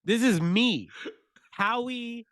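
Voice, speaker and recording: A man co-hosting a podcast, telling a story in a casual, profane, animated way and laughing as he goes. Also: very high-pitched, takes it slowly, no room sound. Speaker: podcast co-host.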